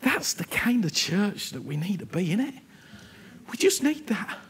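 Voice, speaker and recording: Male preacher, husky voice that swings wildly up and down, earnest and repetitive. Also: high-pitched, measured pace. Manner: animated, earnest, repeats himself, keeps asking "you understand me?". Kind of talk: sermon.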